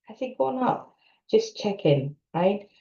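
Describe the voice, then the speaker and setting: A woman coach guiding listeners through an EFT tapping session, calmly instructing them and repeating tapping phrases. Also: medium pitch, slow, gravelly. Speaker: co-parenting coach. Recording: roomy, dull lo-fi sound.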